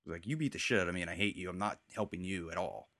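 A man with a lowish voice talks through a TV episode in a loose, rambling way, acting out characters' lines as he goes. The sound is dry and close, with no room around it. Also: rapid-fire, a bit bright, dry recording. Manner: rambling, retells scenes with quoted lines. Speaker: podcast host. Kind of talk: casual TV recap chat.

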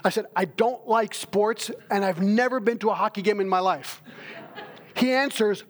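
A man with a high voice preaches from the pulpit. He is a middle-aged pastor who tells stories with animated energy and acts out the dialogue. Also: normal speed. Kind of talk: sermon.

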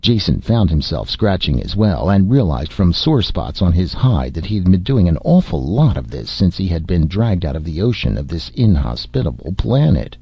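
A man narrating a novel as an audiobook reader, with an expressive, varied delivery. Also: low-pitched, moderate pace, gravelly, hardly any pauses, husky, dry recording. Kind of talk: scripted narration. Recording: dull, dry lo-fi recording.

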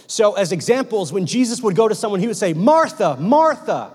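High-voiced young man preaching casually. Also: fast, dark tone, in a large hall. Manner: casual, joking preaching with slang. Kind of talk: sermon.

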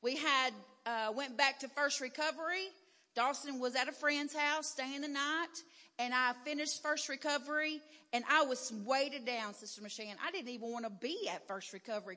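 A woman giving a candid sermon testimony in a church, talking plainly and rising to loud, emphatic declarations. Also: high voice. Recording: long hall reverb.

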